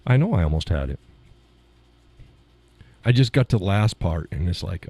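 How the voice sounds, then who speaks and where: A man's voice: low-pitched, very animated, normal speed, mellow, breathy edge. A middle-aged man hosting a live stream, chatting casually with viewers and laughing often at their comments, with a lingering cough. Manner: laughs a lot, self-deprecating banter. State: lingering cough, clears throat.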